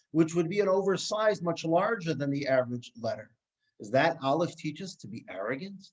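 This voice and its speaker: Man, rabbi, Torah class lecture, animated storytelling, quiet-to-emphatic swings, slightly high pitch. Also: poor audio. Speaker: rabbi teaching a weekly class.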